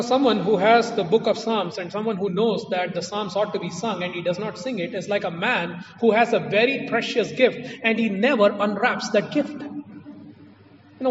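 A man preaching a sermon in a church, emphatic and repeating his key phrases. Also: high voice. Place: church hall. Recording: distant echoey hall, muffled.

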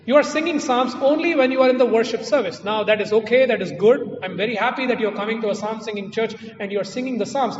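In a church hall, a man preaches a sermon emphatically, repeating his key phrases. His voice is high and his pace quick. The recording sounds distant, echoey and muffled, with slight background noise.

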